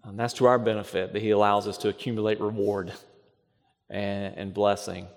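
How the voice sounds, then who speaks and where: A man's voice: fairly low pitch, level tone, normal speed, gravelly. Man preaching with long hall reverb. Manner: emphatic, with rhetorical questions and repeated phrases. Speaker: pastor. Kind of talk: sermon.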